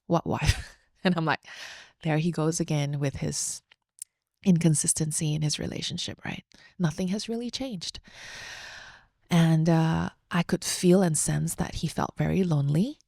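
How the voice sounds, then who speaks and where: A woman's voice: deep voice, unhurried, vocal fry, darkish tone, no echo, studio quality. A young adult woman hosting a podcast, sharing a personal story in an open, heartfelt, chatty way with fillers. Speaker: podcast host.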